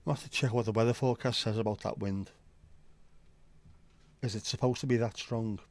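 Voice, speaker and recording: A man's voice: fairly low pitch, fairly even intonation, brisk, no echo. A man hosting a casual livestream chat, reading out viewer comments in a bantering, crude, sweary way. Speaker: livestream host.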